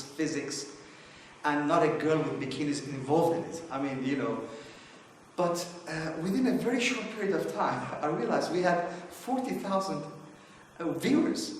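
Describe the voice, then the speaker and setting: A man's voice: a little high, a little hiss or hum. A middle-aged man giving informal opening remarks at a conference, rambling through anecdotes with many fillers and restarts. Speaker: conference speaker. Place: conference hall. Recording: echoey hall, distant mic.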